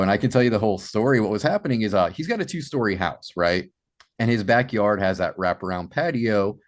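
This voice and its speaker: A man from Massachusetts, a podcast guest, telling his story in an animated way with many "you know" fillers. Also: on the low side. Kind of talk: storytelling in an interview.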